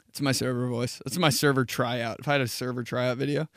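A man's voice: mid-range voice, brisk, hardly any pauses, no room sound, studio quality. A young man telling stories with lots of swearing and laughter, in a casual comedic podcast monologue. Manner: profane, animated storytelling with frequent laughter. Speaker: podcast host.

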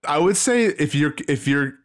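A man in casual chat about a movie, animated, laughing often and full of fillers. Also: fairly high pitch, normal speed.

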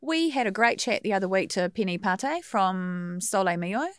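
A woman's voice: mid-range voice, lively intonation, normal speed, clean tone, no room sound, studio quality. Chatty New Zealand woman in her fifties. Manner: chatty, laughs easily, acts out quoted speech. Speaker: guest, funeral celebrant. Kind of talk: casual interview chat.

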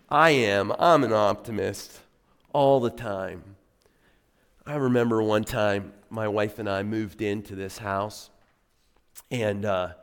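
A middle-aged man preaching a sermon as pastor, telling stories in a conversational way and leaning hard on key words. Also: fairly low pitch. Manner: conversational storytelling, animated emphasis. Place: church sanctuary. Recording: long reverb of a church hall.

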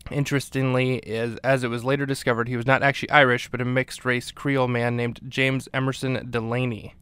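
A man's voice: medium pitch, brisk, clear, resonant tone, dry recording. A man hosting a podcast, giving a casual, rambling recap of a TV episode with frequent fillers. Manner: relaxed, rambling with many fillers. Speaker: podcast host.

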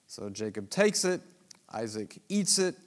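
Male Bible teacher, dramatic storyteller, lively pitch, reverberant hall. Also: measured pace. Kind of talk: scripture reading with commentary.

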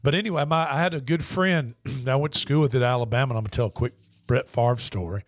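A man's voice: mid-range voice, fast, no room sound, clean studio sound. Rambling sports radio man. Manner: rambling storyteller with restarts. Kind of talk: casual sports talk.

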